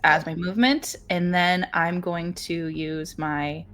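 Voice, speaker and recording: A woman's voice: fairly low pitch, fairly even intonation, slow pace, fairly bright tone. A woman playing a tabletop role-playing game, describing her character's actions in a chatty way with many fillers. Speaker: player. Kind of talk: casual tabletop game play.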